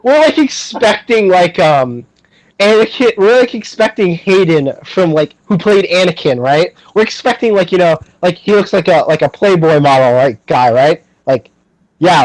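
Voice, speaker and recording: A man's voice: sits high, animated, moderate pace, no echo, rough recording. A young man hosting a podcast, chatting casually and animatedly, with lots of fillers and frequent laughter. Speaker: podcast host.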